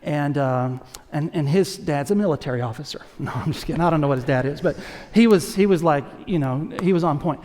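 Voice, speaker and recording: A lead pastor preaches a sermon briskly in a church sanctuary, lively and conversational, tossing jokes and asides to the congregation. His voice sits somewhat high for a man and carries through the big space with long trailing reverb.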